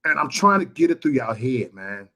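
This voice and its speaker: A man from Chicago on a live stream, ranting and repeating himself with stammers, swinging from loud outbursts to quiet, upset muttering. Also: mid-range voice, very animated, normal speed. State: frustrated and upset. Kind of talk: emotional live-stream rant.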